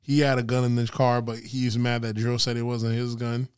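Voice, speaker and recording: Animated podcast co-host, smooth dry voice. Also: male voice, medium pitch, normal speed, no echo. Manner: animated, laughs often, swears freely. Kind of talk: casual chat.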